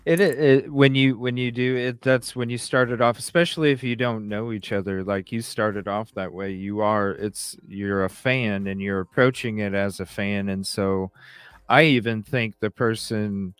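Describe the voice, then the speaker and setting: A man's voice: on the low side, fairly even intonation, normal speed, clean tone, no echo. A man hosting a podcast, talking in an easygoing, rambling way in casual discussion. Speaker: podcast host.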